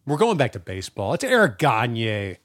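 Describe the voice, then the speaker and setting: A man in his forties co-hosting a podcast, telling stories in a casual, animated way, swearing freely and acting out the voices he quotes. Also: medium pitch, moderate pace, no room sound, studio quality. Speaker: podcast co-host. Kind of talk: casual chat.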